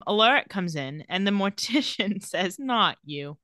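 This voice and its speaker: Woman, podcast co-host, casual episode recap, bright forceful tone, dry close mic. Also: mid-range voice, normal speed, no room sound. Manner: narrates plot, reads lines in flat put-on voices, laughs often.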